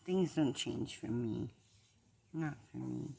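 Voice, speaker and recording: A woman vlogger talking through her distress in a confessional video, halting and repeating herself, trailing off mid-thought. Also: rumbling low, gravelly, dark tone, breathy edge, no room sound. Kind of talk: confessional vlog.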